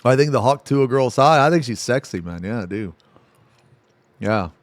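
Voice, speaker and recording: A man's voice: mid-range voice, expressive, normal speed, dry recording. A man streaming live who chats casually to his viewers, rambling and heavy on fillers like "man" and "dude". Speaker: streamer reacting to videos. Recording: dry close mic.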